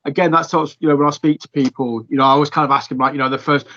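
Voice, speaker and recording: A man's voice: on the high side, little pitch movement, very fast, fairly bright tone. A man hosting a podcast, chatting casually and encouragingly, with plenty of "you know" in his talk. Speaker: podcast host. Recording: dull lo-fi sound.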